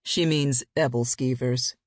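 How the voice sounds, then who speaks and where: A woman putting on a husky, growling grown man. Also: fairly even intonation, unhurried, no room sound, studio quality. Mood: easygoing. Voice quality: low and husky. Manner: growling, rough-edged banter. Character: gruff, teasing grown man lover.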